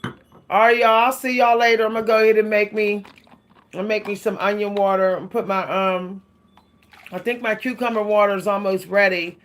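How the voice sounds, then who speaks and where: A woman's voice: mid-range voice, steady tone, moderate pace. A woman vlogging about hair care in a casual, chatty way, laughing often and calling her viewers "y'all.". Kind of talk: casual chat to camera.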